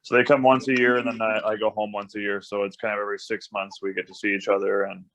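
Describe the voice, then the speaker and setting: A man's voice: lowish voice, flat delivery, quick pace, a bit bright. A young American man, a hockey player, chatting easily as a guest with plenty of ums and uhs. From United States. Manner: easygoing, many ums and uhs. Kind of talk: casual interview chat. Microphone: video call. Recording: dull lo-fi video call audio.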